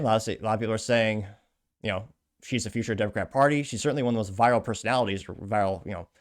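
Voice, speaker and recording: A man hosting a commentary show, reading out social media posts and adding wry, sarcastic asides. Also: lowish voice. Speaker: show host.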